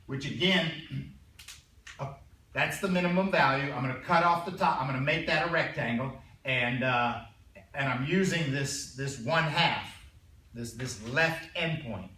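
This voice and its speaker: A male math teacher lecturing a classroom in a conversational way, often clearing his throat and checking in with his students. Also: medium pitch, a little slow, bright, forceful tone. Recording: roomy classroom sound from a distance.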